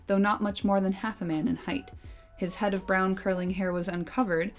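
A young woman hosting a read-aloud, moving between steady narration and enthusiastic, giggly asides. Her voice sits at an ordinary middle pitch for a woman. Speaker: host reading a novel aloud. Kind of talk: reading aloud with casual commentary.

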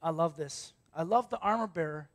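A man preaching a church sermon, telling stories with lively acted-out voices and moving from loud bursts to hushed tones. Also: on the high side, normal speed. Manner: animated storytelling, acting out voices, swinging from loud to hushed. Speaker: pastor.

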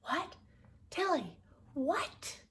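A woman reading aloud, voicing a timid, fretful old lady in a storybook with a high, pleading voice. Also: sing-song, takes it slowly, fairly bright tone, heavily acted. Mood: timid alarm.

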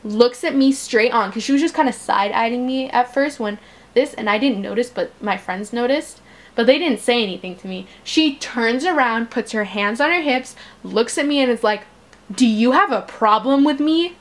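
A teenage girl casually retelling a school story, chatty and animated, acting out the quotes with exasperation. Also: on the high side, normal speed. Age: teens.

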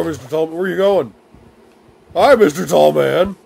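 Gravelly man doing goofy game commentary. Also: high voice, animated, normal speed, long pauses, a little mellow. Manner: goofy baby talk and rhyming nonsense words. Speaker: gaming video host. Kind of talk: silly comedic let's-play commentary.

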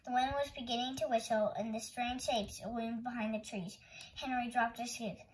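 A woman hosting storytime, reading a picture book aloud in a gentle, expressive way. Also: fairly high pitch, moderate pace, rough recording. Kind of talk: children's read-aloud narration.

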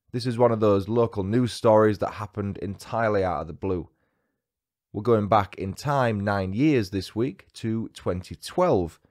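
A man hosting a true crime podcast, reading a scripted story with dry, wry asides. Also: on the low side.

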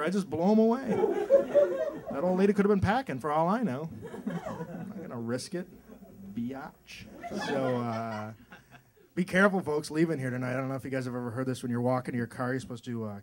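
A male stand-up comedian works a club stage on a handheld mic, going from deadpan setups into acted-out voices. His voice sits high and moves a lot in pitch. Loud crowd laughter fills the live recording. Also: normal speed, pauses often. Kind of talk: stand-up routine.

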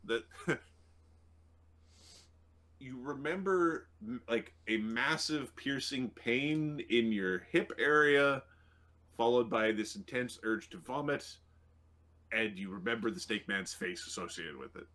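A man running a tabletop role-playing game as game master, casual and quick to laugh. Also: mid-range voice, expressive, sharp tone.

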